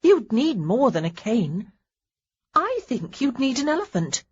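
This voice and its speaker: A woman's voice: fairly high pitch, sing-song, measured pace, husky, muffled recording, voice pushed up, heavily acted. A woman voicing a sensible young lady friend with a dry, wry manner.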